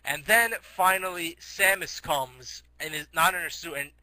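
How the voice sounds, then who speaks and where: A man's voice: on the high side, unhurried, sharp tone, low-quality recording. A teenage boy telling a rambling comic story, giggly, restarting often.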